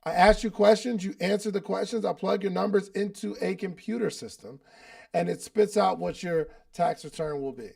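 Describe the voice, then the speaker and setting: A man with a raised pitch and a heavy gravelly fry runs a live coaching call. His talk is loose and chatty. He uses slang and repeats lines to drive a point home. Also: moderate pace, a little mellow. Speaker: podcast host and business coach. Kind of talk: casual coaching talk at a live online meeting.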